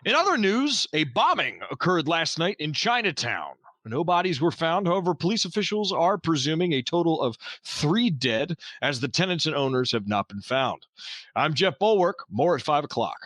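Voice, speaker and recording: A man voicing a local radio news announcer with a smooth broadcast delivery. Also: on the high side, big pitch swings, moderate pace, a bit bright, no room sound. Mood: upbeat.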